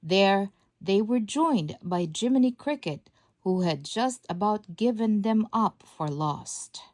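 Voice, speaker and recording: A woman narrating a children's storybook aloud in a measured, expressive reading. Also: medium pitch, no echo. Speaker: storybook reader.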